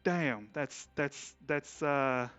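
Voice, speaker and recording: A man's voice: medium pitch, very slow, clean tone, dry recording, lo-fi sound, faint music behind. A man hosting a livestreamed tabletop game as game master, chatting casually and rambling with frequent laughs. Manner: relaxed, rambling, laughs often. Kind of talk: casual chat before a tabletop game stream.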